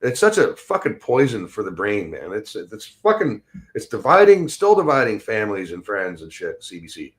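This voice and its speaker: Canadian guy w a lowish voice, swearing nonstop, heated podcast rant, reads the chat. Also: wildly swooping pitch, normal speed, fairly bright tone. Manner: heated, swearing often, mocks others in quoted voices. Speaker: podcast host. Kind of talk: profane livestream rant, reading chat.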